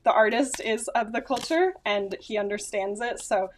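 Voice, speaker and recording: A woman's voice: a little high, normal speed. A woman talks casually into her phone camera at home. She rambles, stops to correct herself, and laughs a little as she goes. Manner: chatty, rambling, self-correcting with small laughs. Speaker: vlogger. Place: at home, indoors.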